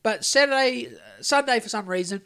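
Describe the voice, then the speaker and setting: A man's voice: very high voice, moderate pace, creaky, sharp tone, clean tone. An Australian man co-hosting a podcast, telling a long story in a rambling, sweary way with lots of restarts. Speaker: podcast co-host. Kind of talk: casual chat.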